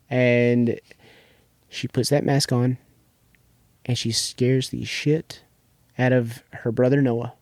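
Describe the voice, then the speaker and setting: A man's voice: mid-range voice, fairly even intonation, slow, long pauses, a little mellow, no room sound. Rambling young man on a podcast. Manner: rambling, restarts often, heavy use of "like". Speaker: podcast co-host. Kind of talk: casual chat recapping a TV episode.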